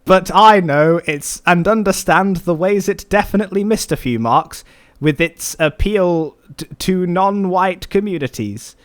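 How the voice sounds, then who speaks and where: A man putting on a slow, nasal voice to mimic a young male friend reading out his review, in a put-on British accent that comes across like an American's. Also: high-pitched. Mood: mock earnest. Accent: put-on British accent that sounds like an American's. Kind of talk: podcast banter.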